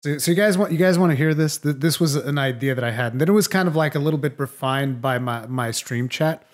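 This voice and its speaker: A man's voice: a little high, fast. A man hosting a podcast, chatting casually and animatedly, often laughing and acting out lines. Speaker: podcast host.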